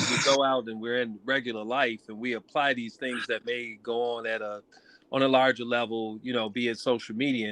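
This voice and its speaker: A man calling in to a talk show, telling his story in a casual, animated way with rising emphasis. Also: medium pitch, dry recording. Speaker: caller. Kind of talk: casual call-in chat.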